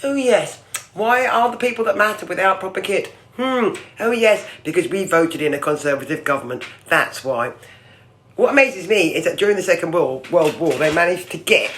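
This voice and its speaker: A woman with a British accent hosting a livestream, ranting with sarcasm and swearing through the morning's newspaper headlines in a loud, projecting voice. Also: on the low side, expressive, moderate pace. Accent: British English. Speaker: livestream host.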